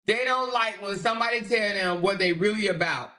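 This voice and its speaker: Bright-voiced woman livestream host. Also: mid-range voice, brisk. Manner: laughs often, swears freely, reads viewer comments aloud. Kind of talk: casual livestream commentary.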